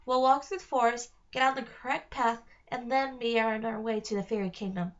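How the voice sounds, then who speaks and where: An earnest, bookish girl with a fairly high voice, as a woman reads her lines. The recording is dull and lo-fi. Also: steady tone, a little fast, natural voice.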